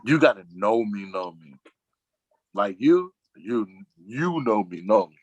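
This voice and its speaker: Man, deep voice, dry close sound, casual rambling chat, slangy. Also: animated, measured pace, darkish tone, breathy edge, dry recording, lo-fi sound. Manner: rambling, slangy, acts out quotes in a lower voice. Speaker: guest on a talk show.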